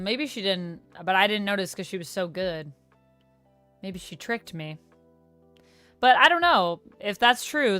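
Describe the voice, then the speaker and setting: A young woman hosting a live stream, chatting casually with her chat, her voice leaping up on surprised questions. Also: mid-range voice. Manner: animated, voice leaps up on surprised questions. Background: faint lo-fi music.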